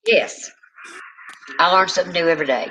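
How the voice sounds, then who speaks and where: A woman, a paranormal investigator hosting a casual chat, telling lively stories, acting out quotes and swearing freely. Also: lowish voice, a little fast, very noisy. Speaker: paranormal investigator and channel host.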